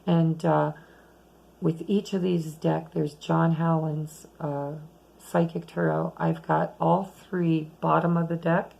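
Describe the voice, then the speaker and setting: A woman giving a chatty, rambling tarot reading at home late at night, losing her voice and talking softly at times. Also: on the low side, flat delivery, slow, creaky, rough recording. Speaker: tarot reader.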